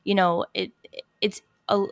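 Brief: woman, hairstylist guest, slight vocal fry, dry close sound, calm counting, chatty filler-heavy talk. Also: medium pitch, unhurried, dry recording. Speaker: hairstylist guiding breathing exercises. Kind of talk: casual podcast chat with guided breathing.

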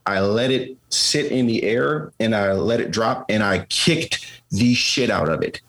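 Brief: man, low and husky, blunt and wry, casual swearing. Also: lively intonation, a little slow, a bit bright, rough recording. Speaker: service member sharing experience. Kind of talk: candid conversational storytelling.

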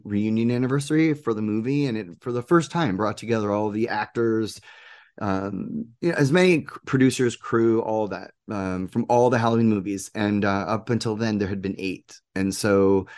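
A man being interviewed as a guest, telling stories with enthusiasm and acting out what other people said. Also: fairly low pitch. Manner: animated, enthusiastic, acts out quoted people. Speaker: guest, producer and game maker. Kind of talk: casual interview storytelling.

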